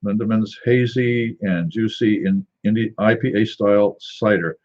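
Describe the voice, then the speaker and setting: A man's voice: lowish voice, steady tone, moderate pace, darkish tone, lo-fi sound. A man hosting a casual tasting video, reading a can label aloud and joking to himself in a rambling, wry way. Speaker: drink reviewer.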